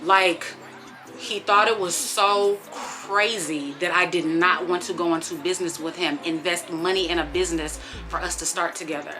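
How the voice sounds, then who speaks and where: Sassy thirties woman, bright-toned voice over faint background music, casual storytime vlog with big swings from hushed to loud. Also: mid-range voice. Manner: animated, sassy, swings between hushed disbelief and loud exclamations. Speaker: vlogger.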